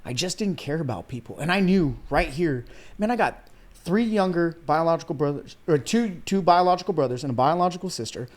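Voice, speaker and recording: On a podcast, a thirty-something weight loss coach from Iran talks through his life story in a casual interview, sincere and heartfelt, tossing "man" and "dude" at the host and occasionally near tears. His voice runs on the high side, expressive and a bit fast.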